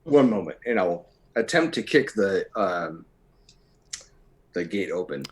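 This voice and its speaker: A man's voice: deep voice, expressive, takes it slowly. A man playing a tabletop role-playing game, describing what his character does. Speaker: player.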